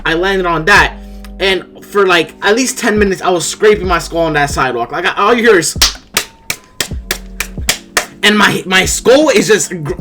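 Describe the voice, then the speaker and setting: Teenage guy, storytime vlog, slightly high voice, bright and forceful tone, rambling profane delivery, soft music underneath. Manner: rambling, profane, animated retelling with frequent restarts. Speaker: storyteller vlogger. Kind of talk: casual storytime.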